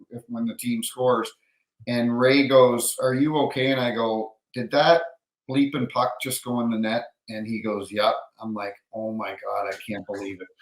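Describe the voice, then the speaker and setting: A middle-aged man, an NHL referee, telling an animated hockey anecdote in casual storytelling, acting out the voices of others. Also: medium pitch. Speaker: NHL referee, podcast guest. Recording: roomy echo.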